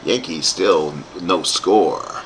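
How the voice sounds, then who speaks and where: Speaking extremely slowly in a low voice, a man provides play-by-play commentary on a tabletop baseball dice game he plays himself. Background noise is present, and he wanders into asides aimed at his live chat.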